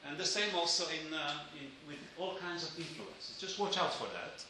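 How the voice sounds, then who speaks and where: A man's voice: fairly high pitch, moderate pace, pushed and bright, roomy sound, slight background noise, low-quality recording. A man giving a lecture, hesitant with many fillers and dry joking asides.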